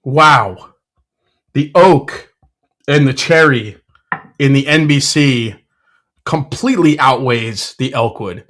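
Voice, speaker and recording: Male host, casual tasting talk, gets fired up, mid-pitched, lots of ums. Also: slow pace, long pauses. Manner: excitable, blurts sports trash talk; frequent fillers and self-corrections. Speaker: whiskey reviewer, show host.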